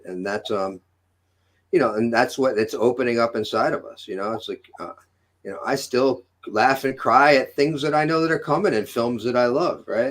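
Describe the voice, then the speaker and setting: A man speaking reflectively in casual conversation, often pausing on fillers like 'you know' and 'right'. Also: mid-range voice.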